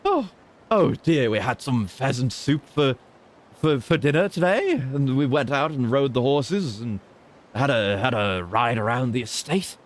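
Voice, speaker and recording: A man's voice: mid-range voice, very animated, a little slow, pitched above the performer's own voice. A man doing a haughty, foppish English aristocrat voice on a game stream, drawn out and pompous. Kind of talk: improvised voice during a game stream.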